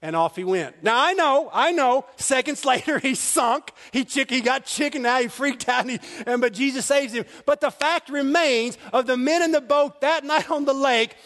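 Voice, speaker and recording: High-voiced preacher in a reverberant hall. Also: male voice, moderate pace, hardly any pauses. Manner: animated storytelling, laughing often. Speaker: pastor. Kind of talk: sermon. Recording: long reverb of a large hall.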